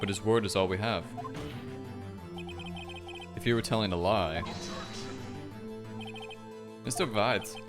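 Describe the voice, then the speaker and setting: A man voicing an arrogant older male prosecutor in a condescending, measured tone. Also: on the low side, over music. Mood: haughty.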